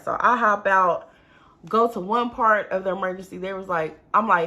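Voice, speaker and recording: Gravelly woman telling a storytime vlog. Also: mid-range voice, moderate pace. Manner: animated, addresses viewers as y'all. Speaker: vlogger. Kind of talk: casual storytime.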